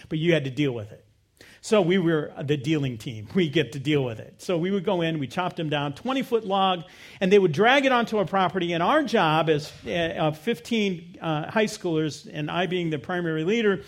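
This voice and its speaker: A middle-aged man preaching a sermon, telling a personal story and swinging from loud emphasis to quiet, low asides. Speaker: pastor.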